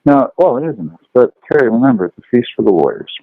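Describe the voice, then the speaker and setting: Animated man over a phone-like line. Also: medium pitch, fast talker. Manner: animated, acts out characters in his stories. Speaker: food law lecturer and podcast guest. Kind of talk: lively storytelling chat.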